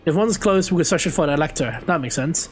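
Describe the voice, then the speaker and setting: A young man streaming a game, chatting casually with viewers and reacting excitedly as he plays. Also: on the high side, brisk, soft background music. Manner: chatty, excitable, talks to chat while playing. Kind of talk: casual live gameplay commentary.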